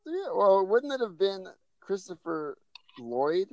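A man's voice: high voice, sing-song, takes it slowly, mellow, no room sound, poor audio. A man co-hosting a casual podcast, telling a rambling story with restarts and fillers. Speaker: podcast co-host.

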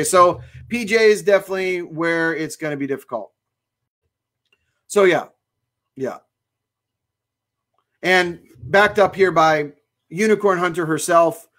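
A man hosting a cigar shop livestream, chatting casually and enthusiastically as he reads viewer comments. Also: a little high. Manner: chatty and enthusiastic, exclaims often.

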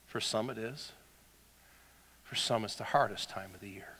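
A bright-voiced man preaching to his congregation. He is animated and dramatic, swinging from near-shouts down to quiet, breathy asides. His voice rings with the long reverb of a church hall. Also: mid-range voice, normal speed, pauses often, a little hiss or hum. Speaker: pastor. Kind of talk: sermon.

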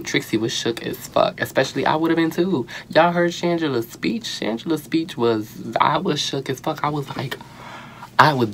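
A young man giving casual, sassy and profane commentary on a reality show, animated and quick to exclaim. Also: medium pitch, a little hiss or hum. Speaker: reality TV reviewer.

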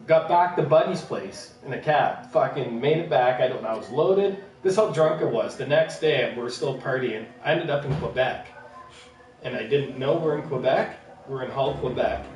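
This middle-aged streamer from Ontario, Canada, has a Canadian accent and a mid-range, expressive voice with a darkish tone at normal speed. He chats casually and profanely while gaming, telling rambling stories. The roomy, distant mic also picks up video game music.

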